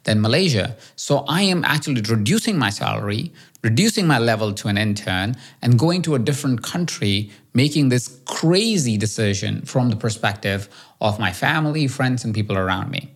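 A man from India, hosting a solo podcast and telling a self-mocking personal story with lively swings in pitch. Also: slightly rough. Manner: animated, self-mocking, quick shifts in pitch. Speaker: podcast host.

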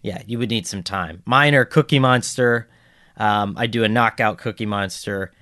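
A man's voice: lowish voice, normal speed, a bit bright, dry recording, studio quality. A man co-hosting a football podcast in casual, joking chat, rambling with plenty of fillers. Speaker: podcast co-host.

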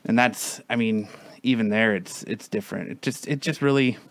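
A man's voice: medium pitch, moderate pace, no echo. Rambling casual man, dry close sound. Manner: rambling, frequent restarts and fillers, mild swearing. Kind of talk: casual chat.

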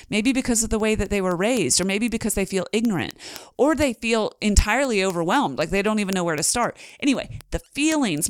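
A woman's voice: mid-range voice, clean tone, dry recording, studio quality. Earnest woman coaching on mindset. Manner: earnest coaching tone, acts out inner voices. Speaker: podcast host. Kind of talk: motivational podcast monologue.

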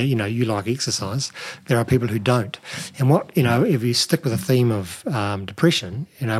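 A middle-aged man with a slightly husky voice talks as an interview guest. He explains at an even pitch, leaning on "you know" and small restarts as he goes. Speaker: nutrition expert guest. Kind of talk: conversational interview.

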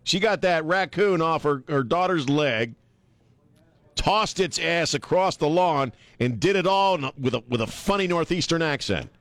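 A man's voice: a little high, lively intonation, moderate pace, fairly bright tone, dry recording. A man hosting a talk radio show, ranting emphatically and laughing with his co-hosts. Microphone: studio mic.

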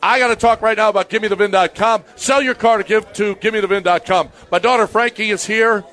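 A man's voice: sits high, steady tone, quick pace, fairly bright tone. A man hosting a live radio show from a bar party, bantering brashly and reading ads. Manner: brash, teasing, salesman-like.

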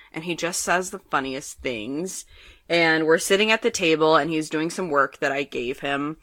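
A woman telling a story on a podcast, her voice bright and crisp, close and dry with no room sound. She is animated and breaks into laughter often, chatting casually. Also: low-pitched, no room sound. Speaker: podcast co-host and teacher.

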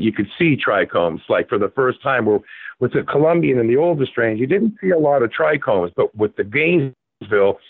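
Man in his sixties, from Florida, gravelly, husky, rambling storyteller, tinny phone line. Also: mid-range voice, dry recording. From Florida, USA. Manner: many fillers and restarts, easygoing. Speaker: guest.

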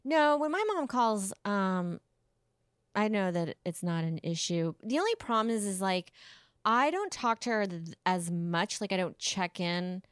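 A woman's voice: medium pitch, expressive, measured pace, clear, resonant tone, no echo. A woman comedian chatting casually as a podcast guest in a hotel room, with wry, dry one-liners. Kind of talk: casual chat.

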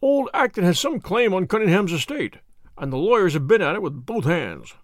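A man voicing a bluff, hearty old army colonel who talks briskly and emphatically. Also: high voice, sing-song, no room sound, studio quality.

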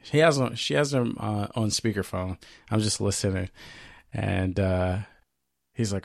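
A man co-hosting a podcast, telling a story in casual chat, animated and profane, acting out what others said. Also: lowish voice, unhurried, vocal fry, no echo, studio quality. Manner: animated, profane, acts out quoted voices. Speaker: podcast co-host.

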